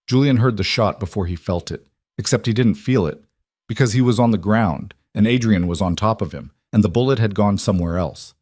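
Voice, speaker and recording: A man giving tense, measured scripted audiobook narration of a crime thriller. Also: on the low side, a little mellow, no room sound, studio quality.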